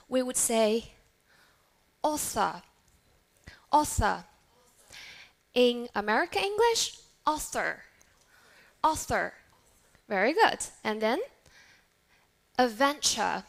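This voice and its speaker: A woman teaching an English class, animated and clear as she models words for students to repeat. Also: a little high.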